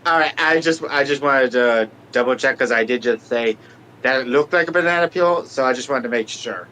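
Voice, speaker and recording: A man's voice: mid-range voice, a little fast, pushed and bright, a little hiss or hum. Chatty male player. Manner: chatty, double-checking. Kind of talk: tabletop game chat.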